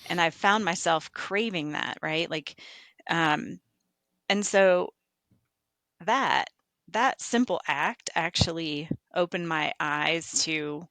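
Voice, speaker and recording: In a casual podcast interview, a construction estimator reflects on her work and animatedly recounts stories from the job. Her voice sits low and sounds creaky, with no echo.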